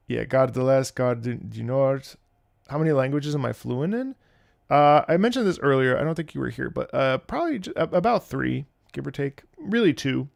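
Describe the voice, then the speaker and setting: A man's voice: medium pitch, animated, normal speed, creaky, no room sound, studio quality. A young man streaming, chatting casually in a rambling way, laughing and swearing freely. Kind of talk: casual live-stream chat.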